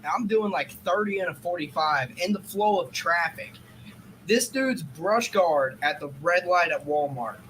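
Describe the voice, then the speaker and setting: Casual podcast guy with a high, bright voice; animated, swears freely, plays every part in his stories. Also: a little hiss or hum, low-quality recording. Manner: animated, profane, acts out quotes. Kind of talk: casual storytelling chat.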